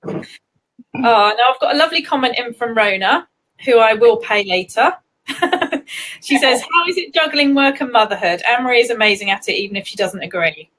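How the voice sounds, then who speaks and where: An English woman hosting a casual live chat, chatty and quick to giggle. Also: fairly high pitch, expressive, a bit bright, low-quality recording. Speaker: host.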